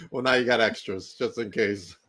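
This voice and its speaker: A man from New York hosts a casual podcast interview at a medium pitch. He is laid-back and laughs easily. He keeps the chat moving with quick affirmations. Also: a bit bright. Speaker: podcast host.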